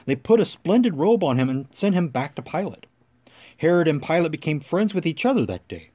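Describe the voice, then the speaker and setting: A man giving a clear, expressive liturgical scripture reading. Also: on the high side. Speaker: scripture reader.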